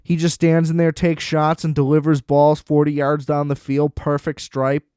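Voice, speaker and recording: This podcast host rants about football bluntly, sarcastically, and with plenty of profanity. His voice is fairly high with little pitch movement, dark and clean in tone, at a moderate pace. The recording is dry and of studio quality.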